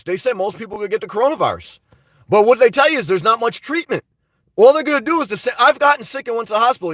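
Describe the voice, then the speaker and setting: A man with a high voice rambles through a casual livestream, answering viewer chat with blunt, profane asides. He sits back from the mic, and the sound is dry with no room echo. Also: a bit bright, far from the mic. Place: home in New Jersey.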